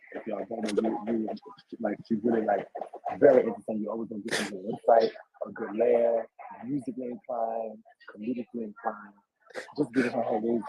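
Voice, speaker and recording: A man's voice: fairly low pitch, noisy background. A man hosting a casual livestream interview, speaking hesitantly with many fillers and encouraging his guest.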